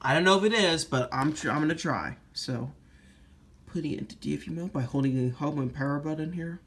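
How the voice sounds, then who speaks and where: A man giving casual commentary while demoing phone hacks, rambling and profane, quick to blow up into shouting. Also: on the high side, slightly rough. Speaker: iPhone jailbreak tinkerer. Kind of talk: casual screen demo commentary.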